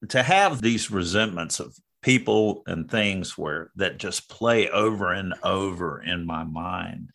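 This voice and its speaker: A man's voice: low voice, creaky. A man hosting a podcast interview, reacting to a guest's story with exclamations. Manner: warmly reactive, exclaiming in response. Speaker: podcast host. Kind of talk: casual interview chat.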